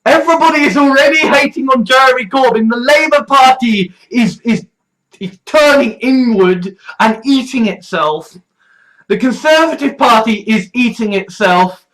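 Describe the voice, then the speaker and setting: A young British adult ranting on a political vlog, swearing freely and sarcastic, with a stuffy nose, sometimes rising to a shout. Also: mid-range voice, animated, normal speed, poor audio. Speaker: political vlogger.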